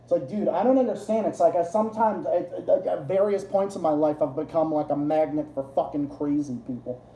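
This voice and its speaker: A man hosting a livestream, ranting in casual chat with lots of swearing and restarts, his voice jumping high whenever he gets worked up. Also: a little fast, vocal fry, reverberant, low-quality recording. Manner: profane, rambling rant with restarts; excitable, jumps high in pitch when worked up. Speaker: livestream host.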